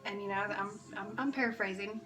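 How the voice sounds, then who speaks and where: A woman's voice: mid-range voice, steady tone, a little fast, fairly bright tone, far from the mic, poor audio. A woman giving an earnest, emotional devotional talk to church kids, restarting her phrases often. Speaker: church kids' devotional speaker. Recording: music behind, voice a bit off-mic.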